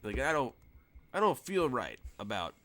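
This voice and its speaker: A man's voice: mid-range voice, big pitch swings, normal speed, pushed and bright, slight background noise, voice pushed up. A man voicing a wary male mine foreman who talks plainly and hesitantly. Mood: uneasy. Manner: plain-spoken, hesitant, lots of "uh".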